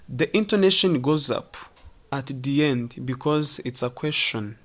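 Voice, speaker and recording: A teacher from Rwanda giving a pronunciation lesson, repeating words slowly to demonstrate them. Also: medium pitch, animated. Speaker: English teacher.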